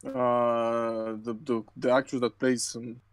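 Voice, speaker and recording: A man's voice: mid-range voice, little pitch movement, takes it slowly, clean tone, dry recording. A young man co-hosting a podcast, teasing his co-host and rambling about old B movies. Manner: teasing, rambling, interjects often. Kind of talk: casual podcast banter.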